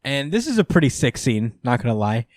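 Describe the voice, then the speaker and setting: A male podcast host with a mid-pitched voice recaps a comic in a loose, casual way, swearing and laughing a lot. He talks a little fast with big pitch swings, and the sound is dry and close to the microphone.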